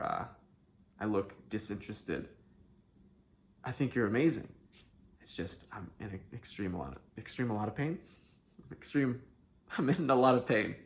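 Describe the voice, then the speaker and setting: A man hosting a self-help video, talking candidly to the camera, swinging between hushed sincerity and loud, emphatic outbursts and swearing freely. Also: fairly low pitch, lively intonation, unhurried, long pauses, a little hiss or hum.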